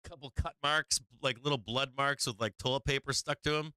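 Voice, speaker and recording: A man hosting a live stock market stream, chatting casually with profanity, frequent laughter and sudden animated bursts. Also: medium pitch, a little fast, smooth, no echo. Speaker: stock market livestream host. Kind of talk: casual live trading commentary.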